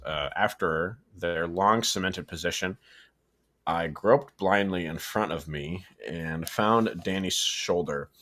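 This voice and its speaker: A man's voice: sits low, sharp tone. A man casually reading a horror story aloud, stumbling, correcting himself and adding asides. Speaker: story reader and co-host.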